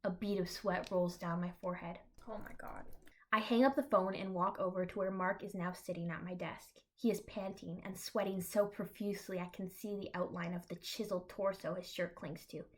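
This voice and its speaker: A young woman reads her own comic story aloud in a flat, deadpan voice. Now and then she stops for dry asides of her own. Her delivery stays even and understated. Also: on the low side, moderate pace. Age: young adult. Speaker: reader of her own fan fiction.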